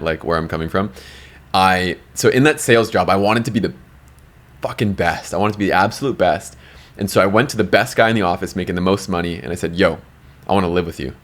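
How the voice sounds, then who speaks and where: A man's voice: deep voice, a bit bright. A young adult man, a podcast guest, telling a story casually and bluntly, swearing freely and acting out quotes.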